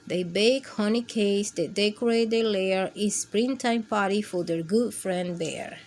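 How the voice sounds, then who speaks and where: A woman reading picture books aloud to children with a gentle, expressive storytime manner. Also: medium pitch, a little slow, a little hiss or hum. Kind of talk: read-aloud storytime for kids.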